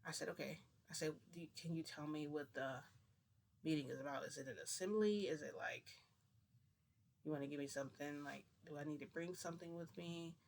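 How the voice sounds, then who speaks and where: A vlogger with a slightly high voice speaks fairly quickly as he casually retells a personal story to the camera. He rambles and acts out the dialogue with lines like "I'm like" and "he goes," with slight background noise.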